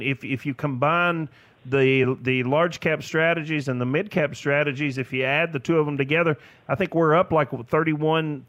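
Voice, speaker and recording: A man's voice: on the high side, fairly bright tone, no room sound. A man, chatting enthusiastically as a financial advisor guest on a radio show. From Tennessee, US. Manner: enthusiastic, laughs often. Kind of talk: casual radio chat.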